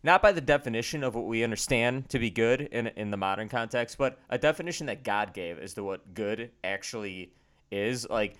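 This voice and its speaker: An earnest man co-hosts a faith podcast and talks candidly, with a self-deprecating streak. His pitch sits in the middle of the range. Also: lively intonation, a little fast, fairly bright tone. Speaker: podcast co-host. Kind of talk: casual faith podcast chat.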